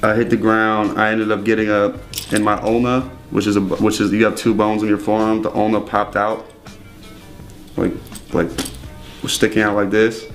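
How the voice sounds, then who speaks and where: A man's voice: lowish voice, little pitch movement, normal speed. Young man, casual rambling interview talk, profane, faint music behind. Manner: profane, rambling, laughs often. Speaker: interview guest. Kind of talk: casual storytelling.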